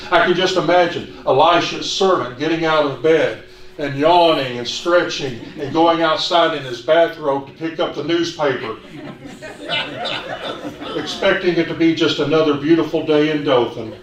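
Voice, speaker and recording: A man preaching a sermon in an earnest, measured way, asking the congregation questions. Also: a little high. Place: church hall. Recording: echoey hall, distant mic, faint hiss.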